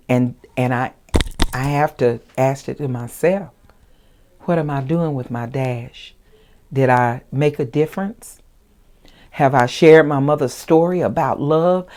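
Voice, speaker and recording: A woman's voice: deep voice, a little mellow. A woman, a children's book author, talking reflectively and asking herself earnest questions. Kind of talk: reflective talk.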